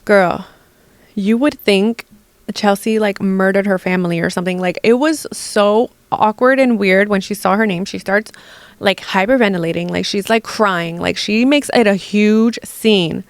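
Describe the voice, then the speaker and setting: A young adult woman hosting a casual gossip podcast, animated and exasperated, full of "like" and swearing. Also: medium pitch, a little slow, dry recording. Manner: animated, heavy use of "like", profane, exasperated. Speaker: podcast host.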